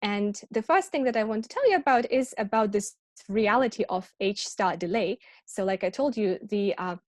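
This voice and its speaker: A woman's voice: medium pitch, a little mellow, dry recording, studio quality. A woman lecturing at an academic colloquium, explaining step by step with frequent ums and small self-corrections.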